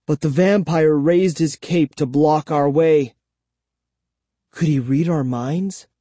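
A man narrating a spooky children's story as an audiobook, in slow, expressive storytelling. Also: a little high, no room sound.

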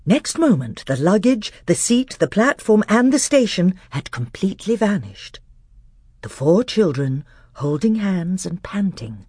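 A woman narrating a storybook aloud with expressive storytelling. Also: medium pitch, a little slow, breathy edge, no echo, clean studio sound. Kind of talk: audiobook reading.

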